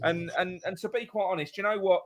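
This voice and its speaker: A man's voice: high-pitched, steady tone, a little fast. A man co-hosting a football podcast, ranting and swearing in casual chat, often restarting his sentences. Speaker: podcast co-host.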